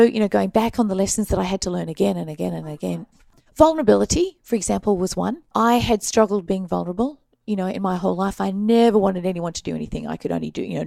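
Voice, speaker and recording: Gravelly Australian woman telling stories. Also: medium pitch, dry recording. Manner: animated storyteller, laughs often, acts out quoted voices. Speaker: guest. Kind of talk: casual storytelling interview.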